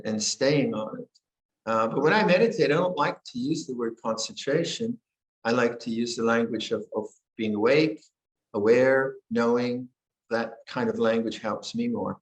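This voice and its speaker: An older man, a meditation teacher, giving a guided meditation and dharma talk in a gentle, unhurried way, often pausing and restarting his sentences. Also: medium pitch. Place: monastery meditation hall. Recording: echoey hall.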